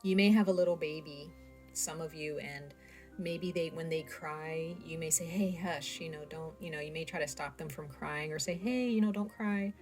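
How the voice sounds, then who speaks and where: A woman's voice: sits low, steady tone, moderate pace, soft background music. A woman giving a casual tarot reading, talking straight to her viewers with lots of fillers. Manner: chatty, speaks straight to viewers with many fillers. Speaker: tarot reader.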